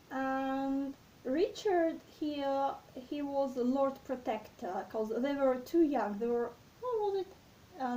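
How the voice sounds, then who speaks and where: A woman hosting a literature talk, explaining a play slowly and reflectively, hesitant, with many fillers and restarts. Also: high-pitched, dark tone, a little hiss or hum. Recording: voice distant from the mic.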